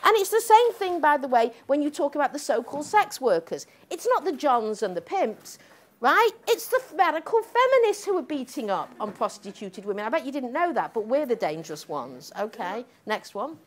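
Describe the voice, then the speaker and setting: A woman's voice: high voice, sing-song, moderate pace. An older woman from the United States giving an emphatic, sardonic public lecture as a professor, often tagging her points with "okay?" and "right?".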